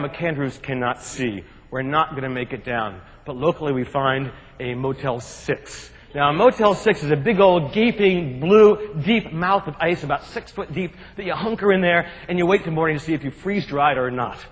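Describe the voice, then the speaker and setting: Animated man telling stories in a hall. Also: a little high, moderate pace, few pauses. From New Jersey. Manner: animated, jokey, acts out shouts and quotes. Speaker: keynote speaker. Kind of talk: humorous storytelling speech. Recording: long hall reverb.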